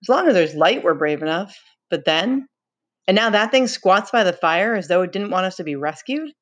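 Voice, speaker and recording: A woman's voice: fairly low pitch, expressive, moderate pace. A woman voicing a frustrated, weary boy leader in a read-aloud novel, speaking in blunt, exasperated retorts. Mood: despairing.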